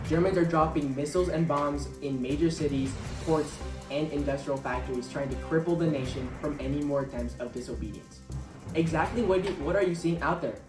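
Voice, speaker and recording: A man plays anchor for a homemade newscast, reading his lines straight off the page. He sounds a little distant from the microphone in a reverberant room, with music underneath. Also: fairly high pitch. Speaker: news anchor. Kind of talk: amateur mock newscast. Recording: echoey room, mic at a distance, music behind.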